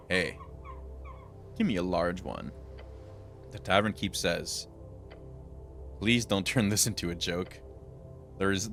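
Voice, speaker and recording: A man with a low, creaky voice streams a role-playing video game, voicing its dialogue in varied characters and cutting in with dry remarks of his own.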